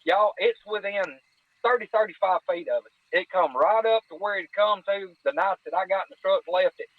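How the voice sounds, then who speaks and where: A man's voice: high voice, animated, brisk, no echo. A man, telling a hunting-ground story in a casual way, with lots of quoted back-and-forth. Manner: vivid retelling with quoted dialogue. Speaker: guest storyteller. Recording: tinny phone-line audio.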